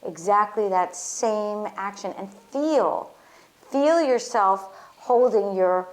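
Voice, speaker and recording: A woman yoga teacher leading a guided somatic exercise, with gentle, soothing instructions. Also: medium pitch, takes it slowly.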